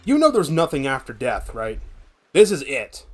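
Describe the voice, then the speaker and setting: A man's voice: mid-range voice, huge pitch swings, moderate pace, a little mellow. A man in his twenties chatting casually on a game stream, ranting in a rambling, profane way. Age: 20s. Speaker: VTuber streamer.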